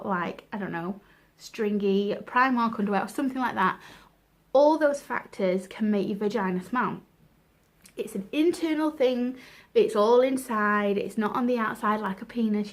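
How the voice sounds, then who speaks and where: A woman vlogger giving frank, casual advice from a room at home. She talks to viewers directly and fills her speech with "you know" and "like". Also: mid-range voice. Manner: candid and chatty, many fillers, talks to viewers directly. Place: room at home with windows open.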